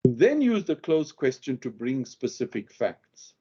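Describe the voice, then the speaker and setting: A legal skills instructor, lecturing on how lawyers should question witnesses, acts out each sample question and puts heavy stress on key words. His mid-range voice is dark and husky, sing-song at a measured pace, and the recording is muffled.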